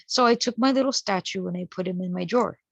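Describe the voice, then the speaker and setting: A woman's voice: mid-range voice, quick pace, creaky, dry recording. A woman casually telling a personal story in a chatty way, acting out the people she quotes. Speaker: guest sharing a spiritual experience. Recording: dull, dry lo-fi sound.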